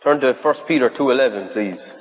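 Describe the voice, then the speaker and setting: A man delivers an earnest, conversational sermon in a hall with a long reverb. His pitch sits mid-range for a man, and he reels off long lists and asks rhetorical questions. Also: brisk. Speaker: preacher. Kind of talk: sermon to a youth group.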